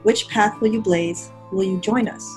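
A woman's voice: mid-range voice, steady tone, moderate pace, over music, low-quality recording. A woman giving a declamatory, challenging dramatic reading during a worship service.

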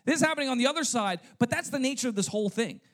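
A man's voice: very high voice, animated, rapid-fire, a bit bright. A male pastor preaching a sermon, checking in with "okay?" and "right?" and firing off rhetorical questions. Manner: punctuates points with "okay?" and "right?"; asks rhetorical questions to the congregation. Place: church service.

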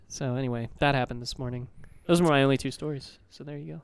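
A man's voice: medium pitch, fairly even intonation, fast talker, gravelly, clean tone, no echo. A young man co-hosting a community radio show, telling rambling, joking stories and swearing freely. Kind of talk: casual chat.

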